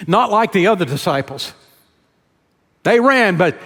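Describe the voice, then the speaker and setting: A man's voice: high-pitched, animated, measured pace, pauses often, a bit bright, in a large hall. A man preaching a sermon as pastor, retelling a scripture story in an earnest storytelling manner. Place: church sanctuary.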